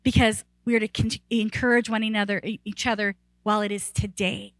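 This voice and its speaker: A woman pastor preaching a sermon in a conversational, animated way, often saying "like" and restarting sentences, and rising in pitch and volume when excited. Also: brisk, dry recording, rough recording.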